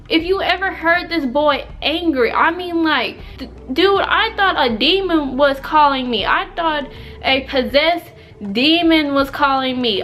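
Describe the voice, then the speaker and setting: A woman's voice: high-pitched, fairly bright tone. A young woman telling a storytime vlog in a chatty, emphatic way, packed with fillers. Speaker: vlogger.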